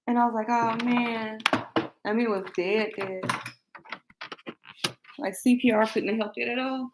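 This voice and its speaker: Fairly high-pitched and steady in tone, this older woman talks a little slowly while hosting a tarot livestream. She chats loosely and rambles, laughs frequently, and speaks directly to her viewers, with noise in the background.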